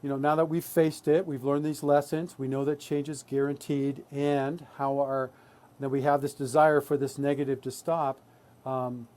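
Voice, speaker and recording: A man's voice: mid-range voice, level tone, moderate pace, a little mellow. An adult man presenting a live workshop, talking earnestly and often checking in with "right?". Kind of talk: live online workshop talk.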